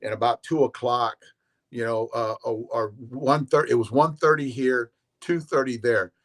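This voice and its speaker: A man's voice: medium pitch, moderate pace, fairly bright tone. A man in casual chat as a regular guest on a live show. He rambles in a laid-back way, swears casually and often repeats his words.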